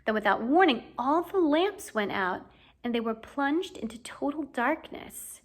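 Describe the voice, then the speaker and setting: A woman reading a novel aloud as audiobook narration, in clear, steady storytelling. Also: high-pitched, measured pace. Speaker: audiobook reader.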